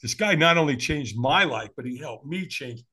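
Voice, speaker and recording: A man's voice: medium pitch, moderate pace, husky. A man from the United States, a firewalk instructor and podcast guest, telling a story animatedly and acting out other people's voices with frequent chuckles. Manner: animated, acts out quoted voices, chuckles often. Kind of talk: storytelling in a conversation.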